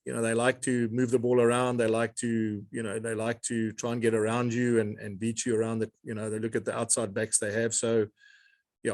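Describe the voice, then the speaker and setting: A middle-aged man, a rugby coach answering reporters' questions in a measured way, often repeating words as he searches for them. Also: medium pitch, no room sound. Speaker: rugby coach at a press conference. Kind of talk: press conference answers.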